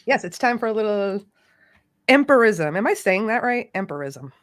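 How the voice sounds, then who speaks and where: A woman's voice: mid-range voice, very animated, normal speed. Chatty playful woman hosting a live stream, voice jumps up and down a lot. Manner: chatty, playful and self-teasing. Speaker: host. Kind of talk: casual live-stream chat.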